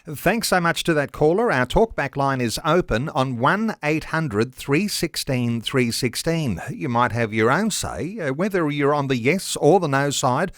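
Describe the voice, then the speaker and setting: A man's voice: on the high side, lively intonation, moderate pace, hardly any pauses, dry recording, clean studio sound. Talkback radio host, man. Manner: smooth, conversational, steering the discussion. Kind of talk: radio talk show hosting.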